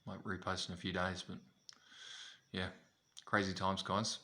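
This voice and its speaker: An Australian man with a fairly low voice rants straight to camera. He talks bluntly, swears freely and keeps repeating his points. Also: level tone, unhurried, pushed and bright. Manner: blunt, profane, repetitive. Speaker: vlogger. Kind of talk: ranting to camera.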